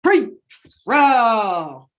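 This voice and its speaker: A woman presiding over a courtroom hearing, her voice sitting a little high. She reads charges and bond figures in a brisk way and slips in dry jokes between cases. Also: big pitch swings, a bit bright. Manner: brisk and joking, reading out charges and bond amounts. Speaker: judge. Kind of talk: courtroom proceedings.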